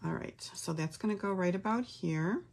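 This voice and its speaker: A woman's voice: medium pitch, moderate pace, a little mellow, slight background noise. A middle-aged woman hosting a casual craft tutorial from her home craft room, chatting and thinking aloud as she works. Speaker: craft class host.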